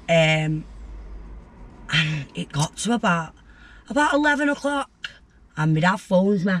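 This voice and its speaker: Blunt woman telling her story. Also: mid-range voice. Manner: blunt, vivid storytelling that acts out voices, with swearing. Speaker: guest. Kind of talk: candid storytelling interview.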